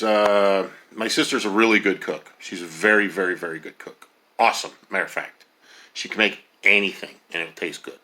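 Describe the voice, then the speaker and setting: A man's voice: lowish voice, sharp tone. A man in his fifties hosting a casual cooking video, talking in a rambling way with lots of ums and uhs. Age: 50s. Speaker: home cook host.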